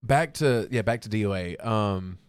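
An American band vocalist in his thirties appears as a podcast guest, chatting in a relaxed, rambling way heavy on fillers and swearing. His voice is lowish and clean in tone, at a moderate pace.

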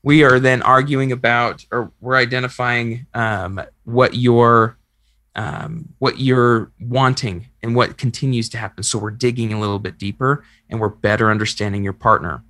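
A man's voice: mid-range voice, steady tone, normal speed, sharp tone, dry recording. A man hosting a podcast, coaching in a conversational way and explaining ideas through examples he acts out. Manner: earnest, explains with acted-out examples. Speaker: podcast host and relationship coach.

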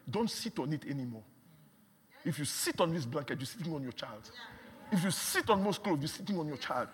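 A man preaching a sermon, emphatic and repetitive, dropping to a hush and then rising to shouts. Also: a little high, in a large hall. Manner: emphatic, repeats words, swings from hushed to shouting.

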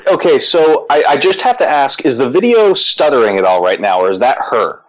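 A man's voice: medium pitch, sing-song, fairly quick, lo-fi sound. A man co-hosting a podcast, explaining his point earnestly with filler words. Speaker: podcast co-host. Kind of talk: casual chat.

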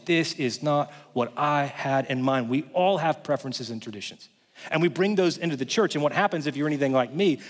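A male pastor preaching a sermon in a conversational way, swinging between loud passages and hushed ones. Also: fairly high pitch. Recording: long hall reverb.

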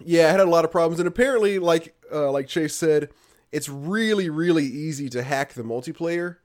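A man's voice: a little high, fairly quick, a little mellow. A man co-hosting a casual gaming podcast, reading listener comments aloud and chatting with fillers. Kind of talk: casual chat.

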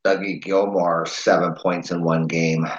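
A man's voice: low voice, level tone, a little slow. A man co-hosting a podcast in casual chat, easygoing and agreeable, laughing often. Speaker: podcast co-host. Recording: echoey room with dull lo-fi sound.

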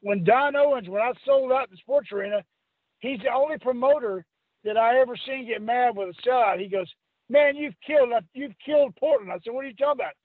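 A man's voice: extremely high pitch, fast talker, dry recording. An older man, a former wrestler being interviewed, telling a long rambling story and laughing as he acts out what people said. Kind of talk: storytelling anecdote. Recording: phone-line audio.

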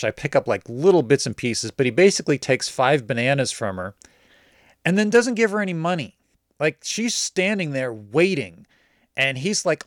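A man casually telling a personal story in a lively way, mimicking the people he quotes. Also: medium pitch, no echo, clean studio sound. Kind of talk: casual anecdote.

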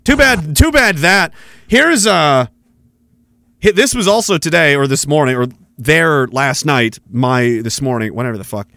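Man, podcast host, sarcastic profane rant, bright forceful voice, dry close sound. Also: a little high, expressive, a little slow, creaky, no echo. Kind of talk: ranting commentary over news clips.

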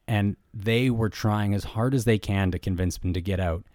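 A man co-hosting a podcast, retelling a book in a relaxed, chatty way, full of "like" and "you know". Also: fairly low pitch, normal speed, few pauses, no room sound, studio quality. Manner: relaxed storytelling with many "like" and "you know" fillers. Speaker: podcast co-host. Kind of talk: casual book review chat.

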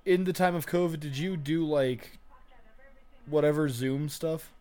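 A man's voice: fairly high pitch, measured pace, darkish tone. A man commentating on a film as it plays, tossing out sarcastic, profane asides. He chats loosely and casually, in the easy way of a podcast co-host. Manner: wisecracking and profane. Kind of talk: casual movie watch-along commentary.

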